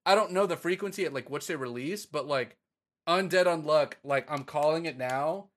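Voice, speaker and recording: A man in casual podcast chat, excitedly and profanely retelling a story to his co-host. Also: a little high, normal speed.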